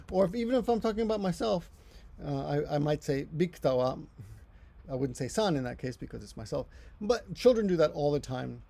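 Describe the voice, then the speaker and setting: A man's voice: a little high, creaky, mellow. A middle-aged man giving a casual language lesson, rambling and correcting himself as he explains. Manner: rambling, self-correcting, chatty asides. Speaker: Japanese language teacher.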